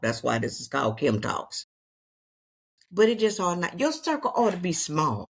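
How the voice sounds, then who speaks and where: A woman's voice: low-pitched, breathy edge. A woman with a Southeast Texas accent, talking casually and unscripted to her viewers in a chatty, folksy way. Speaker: vlogger.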